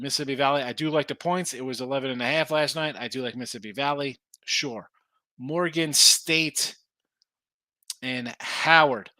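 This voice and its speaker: A man's voice: mid-range voice, pushed and bright, no room sound. Chatty man hosting a podcast. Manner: rambling, chatty, self-correcting, jokey asides. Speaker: sports betting podcast host. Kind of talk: casual chat reading viewer comments.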